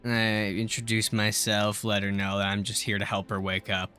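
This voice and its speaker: A man's voice: lowish voice, level tone, normal speed, pushed and bright, clean tone, soft background music. A young man casually talking and swearing at his mistakes while building a spaceship in a game. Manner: swears freely, grumbles and exclaims at mistakes; rambling storytelling with filler words.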